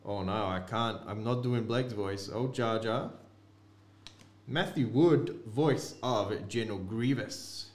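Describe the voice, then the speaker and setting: Opening packs for a card break, this man talks casually to his viewers in a fairly low voice at a slow pace. His commentary is recorded in an echoey room with a little background noise.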